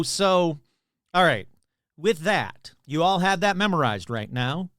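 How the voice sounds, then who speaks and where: A man's voice: on the high side, a bit bright, no room sound, clean studio sound. A man hosting his own podcast, talking casually in a chatty, rambling, self-deprecating way. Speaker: podcast host.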